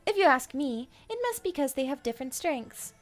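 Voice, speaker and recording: A woman's voice: sits high, sing-song, moderate pace, soft background music. A woman voicing a chatty, curious young woman character in a game who loves passing on rumors. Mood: gossipy. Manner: curious, gossipy, playful.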